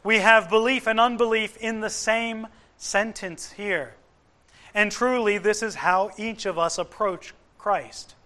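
Bright-voiced, slow-speaking male preacher. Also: high-pitched. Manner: earnest, emphatic preaching with dramatic pauses. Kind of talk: sermon.

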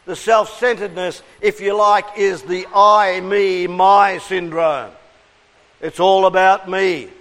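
Australian male pastor, high voice, unhurried delivery, earnest sermon with congregation call-and-response. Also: steady tone, a bit bright, big-room sound, low-quality recording. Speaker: preacher.

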